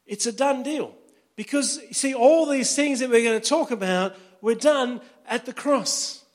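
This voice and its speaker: A man preaches to his congregation in an easygoing, conversational sermon, often pausing to check that his listeners follow. His voice sits notably high for a man. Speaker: pastor.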